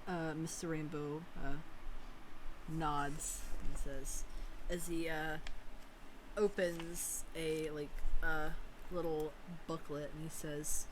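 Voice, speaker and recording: Woman game master, slow pace, slightly low voice, hesitant, relaxed narration. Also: noisy background. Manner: relaxed, hesitant, lots of fillers.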